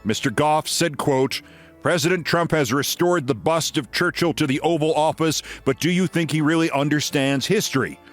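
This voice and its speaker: A man's voice: on the high side, normal speed, soft background music. A man in his sixties hosting a show, giving sarcastic, theatrical political commentary and then reading a story aloud. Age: 60s. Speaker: host.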